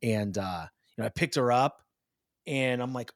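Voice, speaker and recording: A man's voice: medium pitch, moderate pace, dry recording. Chatty man hosting a podcast, dry sound. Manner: animated, chatty, calls guest "dude". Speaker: podcast host. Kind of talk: casual conversation.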